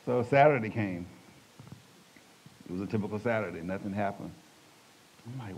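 An older man giving an emotional spoken testimony, telling his story dramatically as he swings between hushed and loud passages. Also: fairly low pitch, lively intonation, fairly quick, long pauses. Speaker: testimony speaker. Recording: dull lo-fi recording.

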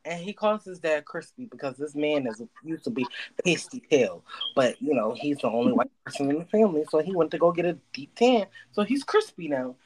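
A woman chatting on a podcast, telling lively stories with loud imitated screams. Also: low-pitched, fairly quick, low-quality recording. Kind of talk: casual chat.

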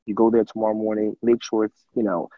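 A young man with a low, husky, mellow voice tells his story as an interview guest, loose and chatty and full of filler words. He acts out what other people said as he goes. The audio sounds dry and a bit dull. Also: fast, no room sound. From USA. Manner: animated storyteller, many fillers, acts out quotes. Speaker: guest, former college football player.

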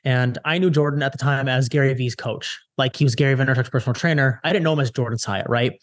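A young man from the Chicago area, a social media strategist, telling a story casually in an interview with lots of quick retellings and restarts. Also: mid-range voice, dry recording, studio quality. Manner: animated, lots of "I'm like" retellings, fast restarts.

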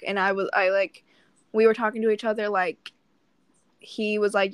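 A woman's voice: mid-range voice, little pitch movement, fast, no room sound. A young woman talks in a loose, rambling way, swearing freely and playing out both sides of a conversation. Her voice sits in an ordinary middle range. The sound is close and dry, with no room in it. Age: young adult. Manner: rambling, swears often, acts out dialogue. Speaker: podcast co-host. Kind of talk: casual storytelling chat.

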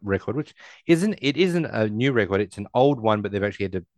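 A man with a fairly low voice rambles through a film recap in relaxed chat, now and then acting out the characters' lines in quick put-on voices. The sound is dry and close. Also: dry recording. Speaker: podcast co-host recapping a film. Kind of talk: casual chat.

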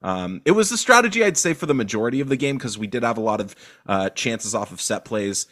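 A man co-hosting a casual football podcast, talking loosely with lots of fillers and animated bursts. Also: medium pitch, quick pace. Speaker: podcast co-host.

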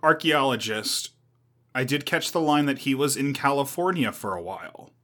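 A man chatting on a comedy podcast with wry, quick comebacks. His voice is bright and forceful, and his pitch swings widely as he talks. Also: lively intonation. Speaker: podcast co-host. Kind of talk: casual comedic chat.

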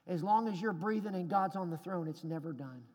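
A man preaching with a very high voice, pressing his points hard and climbing to shouts. His words ring out in a large hall with a long, trailing reverb. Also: fairly quick. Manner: emphatic preaching, rising to shouts at climaxes. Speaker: pastor. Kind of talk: sermon.

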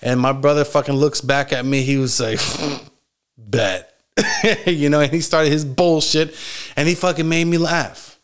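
A man telling a long story from his childhood in a casual, rambling way, swearing often and filling pauses with "like" and "you know". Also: on the high side, little pitch movement, smooth. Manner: rambling, heavy swearing, frequent fillers and laughs.

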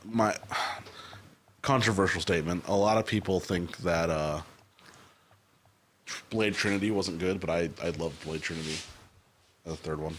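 A man in casual podcast chat, relaxed and easygoing, with a very deep voice. He takes pauses to think before he answers. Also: slight background noise. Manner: easygoing, laughs often, hesitant. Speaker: podcast co-host.

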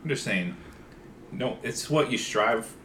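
A man co-hosting a podcast in casual chat, dry and deadpan, moving things along to the next email. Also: medium pitch, slow, slight background noise. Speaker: podcast co-host.

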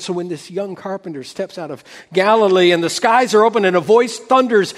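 A man preaching a sermon as pastor, building dramatically and then dropping to a near hush. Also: sits high, long reverb tail.

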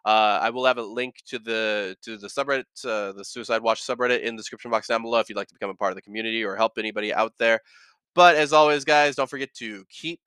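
A man's voice: on the low side, fairly even intonation, fast, pushed and bright, clean tone, no echo. A man hosting a casual solo podcast, talking in an earnest, rambling way that often corrects itself, with a slight lisp. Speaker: podcast host.

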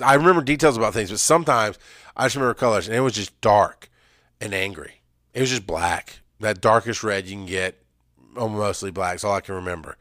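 A middle-aged man speaking in a blunt, emphatic way, his delivery swinging from loud outbursts to low, hushed stretches. His voice sits at an ordinary pitch for a man. The sound is close and dry, with no room echo. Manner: raw, emphatic storytelling, swings between loud and quiet. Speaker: speaker sharing his experience. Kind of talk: personal story and advice.

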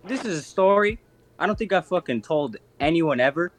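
This man in his 20s hosts a podcast and spins a casual, profane yarn, doing lively impressions of the characters. He speaks fairly quickly in a slightly high voice.

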